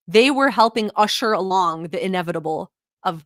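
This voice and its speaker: A woman vlogger from the Middle East reacts to a clip in a loose, profane commentary, laughing between her blunt remarks. Her voice sits at a middle pitch. It is recorded close and dry, with no room sound. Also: animated, moderate pace, fairly bright tone, no echo.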